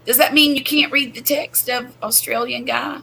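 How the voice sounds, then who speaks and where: A woman's voice: high voice, steady tone, normal speed, vocal fry, crowd noise, low-quality recording. A woman, hosting a chatty livestream from home and laughing often. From US Gulf Coast. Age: 50s. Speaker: livestream host. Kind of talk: casual livestream chat.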